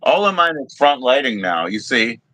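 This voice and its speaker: A man chats on a live stream over a phone call, teasing his co-host and cracking jokes. His voice is bright and forward. The sound is dry and close. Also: medium pitch, big pitch swings, moderate pace, dry recording. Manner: joking, teasing, laughs often. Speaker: livestream co-host. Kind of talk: casual chat.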